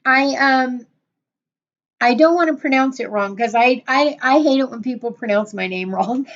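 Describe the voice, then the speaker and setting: Casting: middle-aged woman host, higher voice, gushing and chatty, lo-fi stream audio. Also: moderate pace. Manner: gushing, effusive greetings, repeats herself. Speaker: channel host on a livestream. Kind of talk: casual livestream chat greeting viewers.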